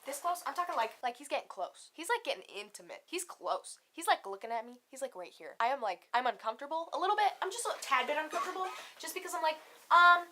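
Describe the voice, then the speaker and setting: A young woman telling a funny personal story for a comedy vlog, animated and full of swearing, acting out each quote. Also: high voice, fast, a little hiss or hum. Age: young adult. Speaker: comedy YouTuber. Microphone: camera mic.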